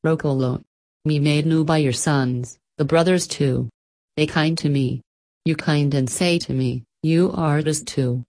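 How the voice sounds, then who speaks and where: Ogre Slime, read by a woman, low and halting. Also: warm tone, no room sound. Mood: tearful. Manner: broken simple speech. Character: simple gentle male ogre, tearful.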